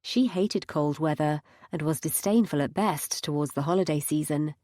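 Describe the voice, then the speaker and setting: A woman's voice: low-pitched, moderate pace, dark tone, dry recording. A woman narrating a first-person audiobook with wry, dry humour.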